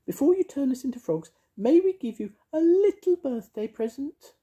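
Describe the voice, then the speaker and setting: A man doing a cooing falsetto fairy woman. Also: very animated, normal speed, warm tone. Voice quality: high falsetto. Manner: cooing, sing-song. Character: fussy, cooing fairy woman, plump and magical.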